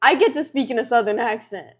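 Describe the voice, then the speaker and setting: A teenage girl chatting on a livestream with a slightly high voice, telling a story in an animated way. She talks freely and fills her sentences with fillers. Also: brisk. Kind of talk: casual chat on a livestream.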